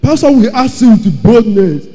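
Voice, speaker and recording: A man giving an emotional church testimony, telling his story dramatically and repeating phrases, his loudness rising and falling. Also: very high-pitched, sing-song, normal speed. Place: large church hall. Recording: long hall reverb.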